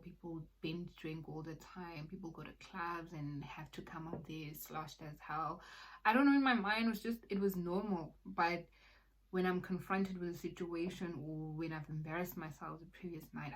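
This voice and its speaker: A young woman telling a personal faith testimony in a halting, conversational way, full of fillers, sometimes sinking to a soft near-whisper. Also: lowish voice, poor audio. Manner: halting, conversational, many fillers like "like" and "you know".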